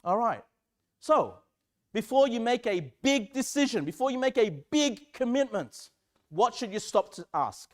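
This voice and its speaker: A man's voice: high voice, animated, normal speed. A man preaching a sermon as pastor, earnest and self-deprecating, acting out prayers aloud.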